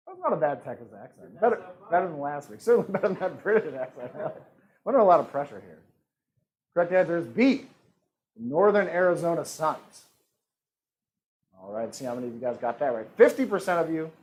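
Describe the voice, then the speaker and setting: Man, trivia host, joking, slightly high, animated. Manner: joking, reads multiple-choice options with playful voices. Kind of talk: live-streamed trivia hosting.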